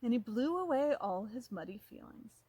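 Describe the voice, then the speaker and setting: Animated woman reading a story to kids. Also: fairly high pitch, moderate pace, slightly rough, no room sound. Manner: animated, asks children questions. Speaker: storytime reader. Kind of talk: reading a picture book aloud to children.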